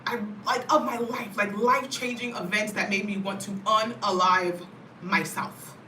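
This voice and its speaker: American woman, vlogger, casual and talkative; bright tone, echoey distant mic. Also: mid-range voice, measured pace, a little hiss or hum. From United States. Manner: animated, talkative, frequent "you know what I mean". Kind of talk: casual chat to camera.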